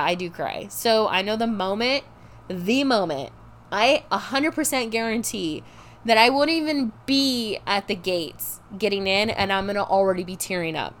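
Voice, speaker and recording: A woman's voice: medium pitch, a little hiss or hum. A young woman hosting her own show, chatting casually, giggly and emotional, tired and a bit hyper. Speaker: podcast host. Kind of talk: casual solo chat.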